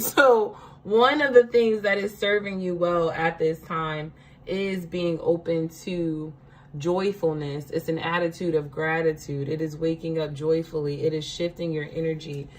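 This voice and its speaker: A woman's voice: fairly low pitch, poor audio. A woman giving a casual spiritual card reading, chatty, laughing often and checking in with her listeners.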